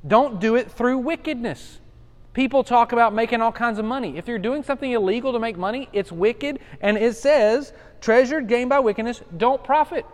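A middle-aged man leading an informal Bible study as pastor, talking conversationally and repeating points for emphasis. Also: sits high. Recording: long hall reverb.

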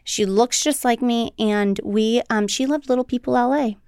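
A woman co-hosting a podcast, telling family stories in lively, casual chat and swearing freely. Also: a little high, normal speed, smooth, no echo, clean studio sound. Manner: animated storytelling, swears freely. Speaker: podcast co-host.

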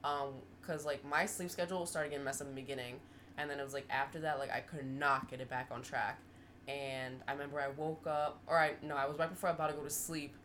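A fast-talking woman with a deep voice, in her twenties, co-hosts a podcast and tells stories in easygoing conversation. Animated and laughing often, she comes through with a slight hiss or hum in the background.

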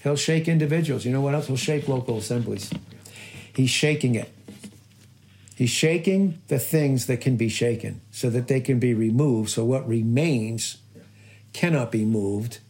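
A man's voice: mid-range voice, normal speed, darkish tone, slight background noise. A man preaching a sermon, emphatic and repetitive, firing off rhetorical questions to his listeners. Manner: repeats and stresses key phrases. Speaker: pastor.

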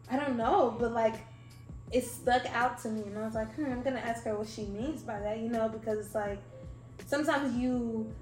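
A woman hosting a podcast, talking casually in a rambling, animated way with lots of fillers. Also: on the high side. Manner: rambling, animated, heavy use of "like". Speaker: podcast host. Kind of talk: casual interview chat. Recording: echoey room, faint music.

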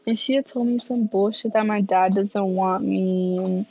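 A woman's voice: medium pitch, steady tone, normal speed, mellow, highs cut off. Tired, profane young woman. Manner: candid and profane, many fillers. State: tired, yawning. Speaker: podcast host. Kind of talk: casual solo podcast monologue.

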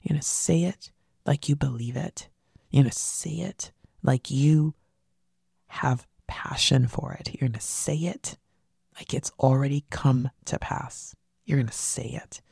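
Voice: medium pitch, steady tone, unhurried, creaky, darkish tone, slightly rough, no room sound, clean studio sound. A podcast host giving a motivational monologue, emphatic and repeating key phrases, sometimes dropping into a whisper for emphasis.

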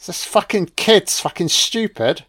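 A man's voice: high voice, unhurried, slightly rough. A man giving a sarcastic, foul-mouthed comedic commentary on a film. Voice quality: sweary, sarcastic, deadpan. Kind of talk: profane comedic movie commentary.

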